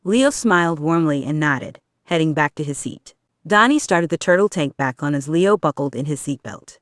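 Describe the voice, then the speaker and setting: A reader narrating a fan fiction audiobook in a steady storytelling way. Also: mid-range voice, normal speed, dry recording, clean studio sound.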